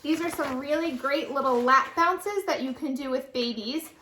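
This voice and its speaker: A young adult children's librarian reads a picture book aloud and leads lap-bounce songs in a high, sing-song, animated storytime voice at normal speed. The room is echoey with faint noise.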